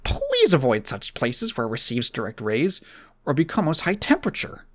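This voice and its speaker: A man's voice: medium pitch, huge pitch swings, moderate pace. A man doing an impression of a male online video critic, reading product instructions theatrically.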